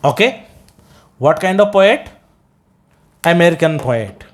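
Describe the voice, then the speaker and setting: A man's voice: fairly high pitch, animated, slow. A man with an Indian English accent teaching poetry as an English teacher, breaking ideas down step by step, asking questions and answering them himself, with many "uh"s and "okay?" checks. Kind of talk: classroom lecture on poetry.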